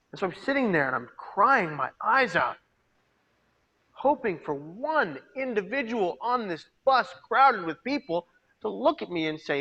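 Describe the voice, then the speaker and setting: Speaking over a video call, a man shares his personal testimony with a live audience as a peer mentor and suicide prevention speaker. He tells it dramatically, alternating between quiet and loud passages. His high-pitched voice is animated and moves at a moderate pace, though the audio loses its highs.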